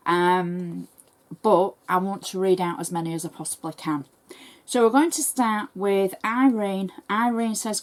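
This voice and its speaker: An English woman who hosts crafting tutorials, reading viewer messages aloud in a brisk, chatty and thankful way. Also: mid-range voice. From England.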